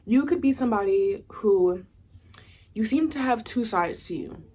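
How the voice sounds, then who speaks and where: A woman's voice: on the high side, lively intonation, unhurried, mellow, breathy edge. A young woman from the States, giving a casual pick-a-card tarot reading in a chatty, rambling way full of "like" and "you know". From Southern United States. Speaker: tarot reader.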